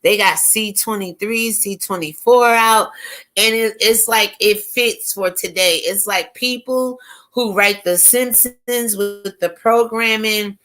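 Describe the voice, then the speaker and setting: Slightly high and a bit bright, this commentary channel host is a woman from the United States. She talks with emphasis through a casual opinion piece, tossing out one rhetorical question after another.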